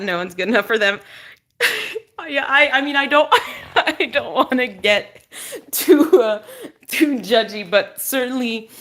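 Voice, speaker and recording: French canadian woman hosting a chill livestream, lower voice, talks on and on. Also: fairly bright tone. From Quebec, Canada. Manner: chatty, rambling explanations. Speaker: livestream host with her dog. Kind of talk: casual livestream chat.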